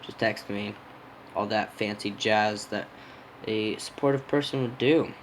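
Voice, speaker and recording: A man's voice: lowish voice, a little slow, a little hiss or hum, rough recording. A young man casually telling a rambling personal story on his podcast, yawning and smacking his lips. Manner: rambling, self-interrupting, yawning and lip-smacking. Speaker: podcast host.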